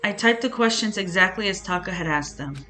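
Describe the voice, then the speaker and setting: Young female streamer, let's-play reading, expressive reactions, light music bed. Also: mid-range voice, fairly quick. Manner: playful, emotional reactions. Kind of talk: game let's-play, reading dialogue aloud.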